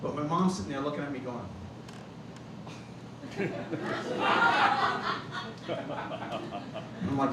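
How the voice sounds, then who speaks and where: Middle-aged comic on an echoey stage. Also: male voice, medium pitch, lively intonation, very slow, pauses often, a crowd in the background. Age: 50s. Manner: storytelling, acts out quoted voices. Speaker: stand-up comedian. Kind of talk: stand-up set. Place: comedy club stage. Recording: echoey club from far off, loud ambience.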